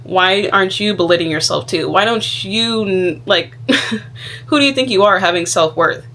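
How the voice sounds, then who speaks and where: A woman voicing her own middle-aged mother, who quickly and dismissively belittles her. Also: mid-range voice, pushed and bright. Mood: scornful.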